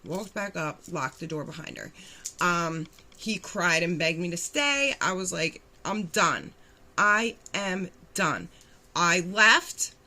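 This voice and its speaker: A young woman telling her own recovery story in a blunt, animated way, acting out quotes and swearing freely. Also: lowish voice, unhurried. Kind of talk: candid storytelling.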